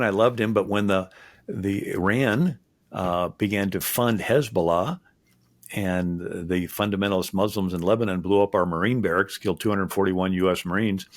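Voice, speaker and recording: A historian guest talking in an interview, rambling with many fillers and restarts. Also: male voice, sits low, no echo. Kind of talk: conversational interview.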